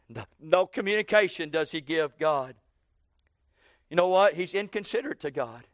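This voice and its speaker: A man in his sixties preaching a sermon, slowing down for emphasis and breaking into loud acted quotes. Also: a little high, expressive, no room sound, clean studio sound.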